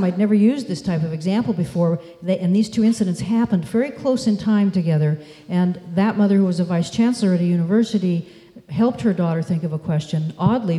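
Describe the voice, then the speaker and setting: A woman gives a measured, story-driven talk from a stage. Her voice is dark and mellow, and it carries through a reverberant hall. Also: on the low side. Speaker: speaker. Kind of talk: conference talk. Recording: echoey hall.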